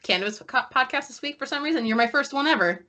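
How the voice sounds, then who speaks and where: A woman with a bright, forceful tone talks casually as a podcast guest. She is feeling sick, and her voice is a little hoarse. She laughs easily and swears without a second thought. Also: high voice, lively intonation, quick pace. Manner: chatty, swears freely, laughs often.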